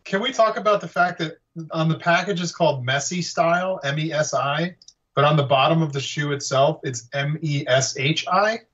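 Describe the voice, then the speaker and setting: A man's voice: a little high, moderate pace, a bit bright. A man in casual podcast chat, making wry, matter-of-fact remarks. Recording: dull lo-fi audio with faint noise.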